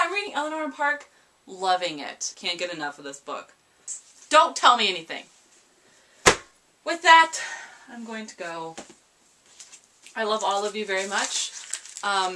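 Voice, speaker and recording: A woman's voice: mid-range voice, bright, forceful tone, a little hiss or hum. A young woman from America chatting casually to camera about library books, rambling and playfully dramatic. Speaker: book vlogger. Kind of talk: casual book chat to camera.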